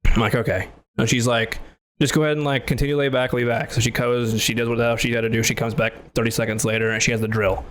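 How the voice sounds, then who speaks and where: A man on a casual podcast spins an animated story, acting out the other person's lines in his own voice. His pitch sits in the middle range, and he says "like" a lot and swears freely. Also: fast. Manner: animated, acts out both sides of the story, laughs loudly. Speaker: podcast host.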